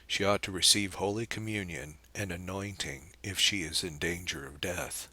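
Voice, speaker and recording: Guy reading as an earnest young priest, low and calm, dry close mic. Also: moderate pace, no room sound, exaggerated voice. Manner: steady and earnest.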